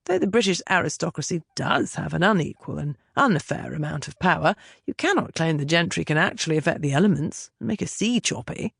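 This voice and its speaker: A woman doing a calm, unruffled young aristocrat. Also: a little high, brisk, vocal fry, breathy edge, no echo, studio quality, heavily acted. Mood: even. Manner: mild, even, unruffled.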